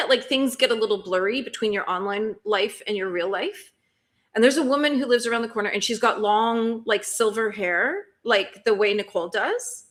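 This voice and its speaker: A woman's voice: on the high side, fairly bright tone. A middle-aged woman hosting a livestream, chatting casually and reading viewers' messages aloud at a desk mic. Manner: chatty, rambling, reads chat aloud. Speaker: livestream host. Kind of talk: casual chat closing a stream.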